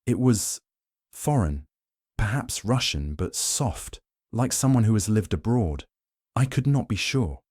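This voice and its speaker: A man's voice: lowish voice, big pitch swings, unhurried, darkish tone, dry recording, studio quality, pitched above the performer's own voice. A man reading the part of a nervous, frightened male train conductor who pleads and hesitates anxiously.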